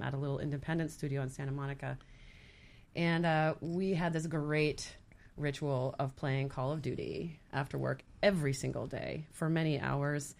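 A woman guest artist chatting casually in an interview, rambling with fillers. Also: low-pitched. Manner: rambling, lots of fillers and laughs.

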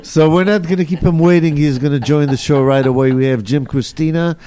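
A man's voice: fairly high pitch, fairly even intonation, fairly quick, warm tone, clean tone. A man hosting a casual talk show, rambling and hesitant, often trailing off with fillers. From Israel. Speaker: show host. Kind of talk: casual chat.

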